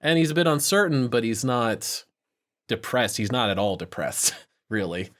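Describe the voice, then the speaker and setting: A man's voice: medium pitch, sing-song, normal speed, a bit bright. Thoughtful man in easy podcast chat. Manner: thoughtful, hedging with fillers. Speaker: podcast co-host. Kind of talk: casual chat.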